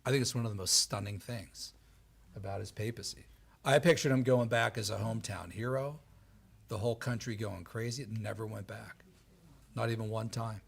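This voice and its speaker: A man giving a lively storytelling talk on history before an audience, acting out the voices of the people he quotes. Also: lowish voice, normal speed, vocal fry, breathy edge. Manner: animated, acts out quoted voices. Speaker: lecturer. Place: event hall before an audience.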